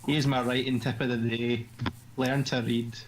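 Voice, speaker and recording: A man with a Scottish accent voicing a crude, bossy girl club president in a mocking deadpan. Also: mid-range voice, normal speed, noisy background, lightly acted. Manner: foul-mouthed, mocking, deadpan.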